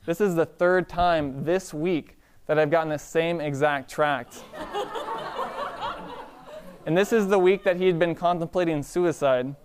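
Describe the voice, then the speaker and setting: A man preaching a sermon in a relaxed storytelling way, often asking the congregation "Amen?". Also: on the high side, measured pace, smooth. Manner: conversational, calls out "Amen?" to the congregation.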